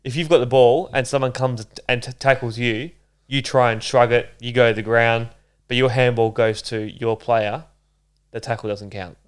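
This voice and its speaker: A young man co-hosting a casual podcast, patiently explaining sports rules in relaxed banter. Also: mid-range voice, normal speed, smooth. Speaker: podcast co-host. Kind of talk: casual chat.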